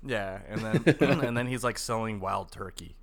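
A man hosting a casual podcast chat, talking in a relaxed way with hesitant fillers while steering the conversation. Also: fairly low pitch, moderate pace, crowd noise. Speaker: podcast host.

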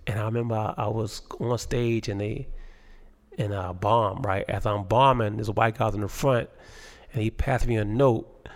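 A comedian man telling stories about his early career in a casual interview, animated and laughing often, with lots of fillers. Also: on the low side, normal speed. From Baltimore. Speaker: guest comedian.

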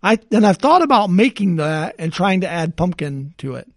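A man co-hosting a podcast, telling rambling everyday stories in a relaxed chat and chuckling often. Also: high-pitched, normal speed, no echo, clean studio sound. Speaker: podcast co-host.

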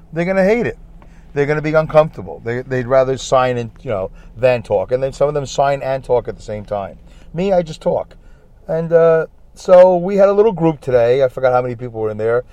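A Brooklyn-accented man hosts a rambling solo podcast from a parked car, chatty, repetitive, and self-deprecating. He talks fast with a medium pitch, an expressive delivery, and a darkish tone. The recording sounds dry.

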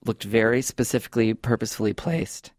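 A man hosting a comedy podcast, chatting in a rambling, animated way on a close studio mic. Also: on the low side, brisk, dry recording. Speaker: podcast host. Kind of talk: casual comedic chat.

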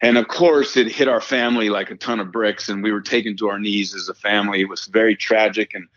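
A man's voice: on the low side, steady tone, a little fast, fairly bright tone, no room sound, highs cut off. A middle-aged man telling a personal story as a podcast guest, earnest and emphatic, often repeating phrases and saying "man". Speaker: guest, performance coach and former pitcher.

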